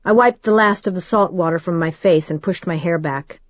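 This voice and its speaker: A woman reading a first-person audiobook in a measured, steady storytelling manner. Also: fairly low pitch, no room sound, highs cut off. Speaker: audiobook narrator.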